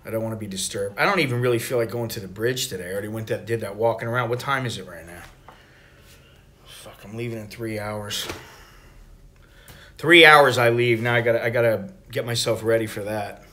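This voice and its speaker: A man's voice: lowish voice, fairly quick. A middle-aged American man talking casually in a travel vlog, rambling and profane as he tells stories. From United States. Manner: rambling, profane, animated storytelling. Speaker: travel vlogger.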